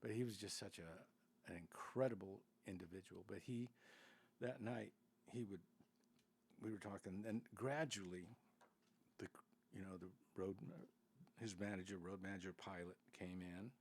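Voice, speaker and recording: Older guy rambling thru old road stories, low gravelly voice. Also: fairly even intonation, moderate pace, long pauses, darkish tone, slight background noise. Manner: rambling, many restarts and asides. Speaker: podcast guest. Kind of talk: casual storytelling.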